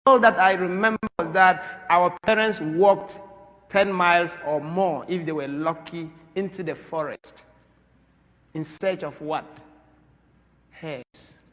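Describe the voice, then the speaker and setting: A man from Ghana addresses a church gathering with a fairly high voice. His delivery is animated, rising to loud, emphatic bursts and dropping to quiet asides. The long reverb of a large church hangs on every phrase. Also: measured pace. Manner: animated, swings from loud to soft. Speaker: speaker at a church. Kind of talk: impassioned talk.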